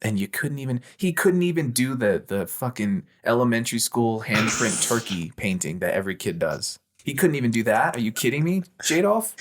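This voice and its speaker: A man's voice: medium pitch, expressive, normal speed, hardly any pauses. A young man co-hosting a podcast, chatting casually and joking, swearing freely. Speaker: podcast co-host. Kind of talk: casual chat.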